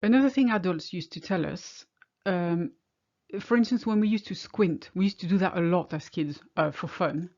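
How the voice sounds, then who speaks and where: A middle-aged woman from France speaks English with a French accent, her voice sitting a little low. She explains things in a wry, chatty way, like a teacher in a video lesson. The recording sounds a bit dull and muffled. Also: normal speed, darkish tone. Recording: slightly muffled home recording.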